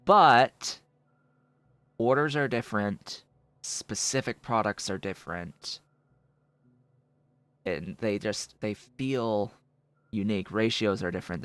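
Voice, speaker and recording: A man streaming a game, explaining its mechanics out loud in casual commentary, thinking through them with fillers as he goes. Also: no room sound. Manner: coos to his cat in a soft high voice between explanations.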